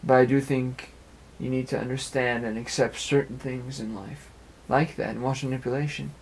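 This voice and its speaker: An amateur web radio speaker, a young man in his apartment, delivers a long, earnest, rambling personal monologue, repeating phrases along the way. His mid-range voice stays steady and brisk over slight background noise.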